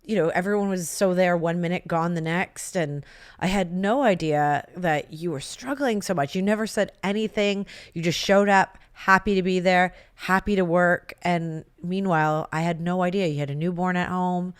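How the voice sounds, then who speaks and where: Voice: medium pitch, fairly even intonation, moderate pace, smooth, no room sound, clean studio sound. The host of an interview show, looking back on shared days in wrestling with the guest and giving supportive reactions. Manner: reminiscing, supportive. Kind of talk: casual interview.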